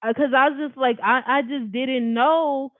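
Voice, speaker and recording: A woman's voice: high voice, fairly even intonation, moderate pace, dry recording. A woman telling a personal story in a casual storytime style, blunt, emphatic and full of profanity. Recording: tinny phone-like dry recording.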